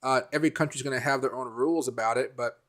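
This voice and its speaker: A man's voice: medium pitch, steady tone, quick pace, fairly bright tone. A man hosting a casual live stream, rambling and answering viewer comments by name, with many fillers and restarts.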